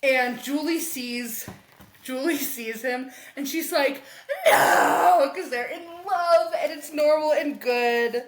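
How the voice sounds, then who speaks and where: A young woman podcast co-host recapping a comic in casual chat, animated and laughing as she acts out the characters' lines. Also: high voice, slow pace, a little hiss or hum. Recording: echoey room.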